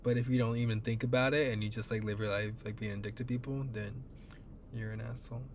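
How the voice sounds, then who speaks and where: A man co-hosting a podcast in casual chat, playful and quick to laugh, often trailing off mid-sentence. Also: mid-range voice, little pitch movement, a little hiss or hum. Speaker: podcast co-host.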